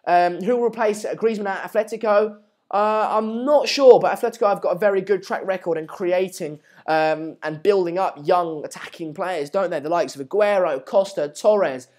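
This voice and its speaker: A man's voice: high voice, moderate pace. A young man hosts a live stream, talking loosely with lots of ums and restarts. He answers viewers as he goes and gets worked up when the play picks up. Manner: chatty, reads out and answers viewer messages, many fillers and restarts; excitable bursts during match updates. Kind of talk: casual live watchalong commentary and chat.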